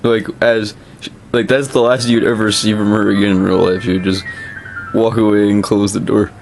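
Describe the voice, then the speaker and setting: A fairly low-voiced man talks casually about old comics, stumbling and restarting as he goes. He drops dry asides, with faint music behind him. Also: level tone, moderate pace. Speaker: co-host. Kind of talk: casual chat.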